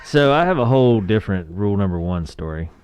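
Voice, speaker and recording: A West Virginia man in his forties co-hosts a podcast, telling relaxed stories in a casual movie review chat, often chuckling and acting out quotes. His voice is lowish and darkish, fast, with big pitch swings and slight background noise.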